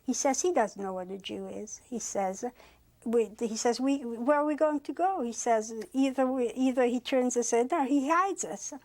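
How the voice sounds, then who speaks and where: Woman in her 80s, from France, survivor testimony, halting storytelling, somewhat high-pitched. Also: darkish tone. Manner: retells dialogue with constant "he says", halting with fillers. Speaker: Holocaust survivor interviewee. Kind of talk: oral history testimony.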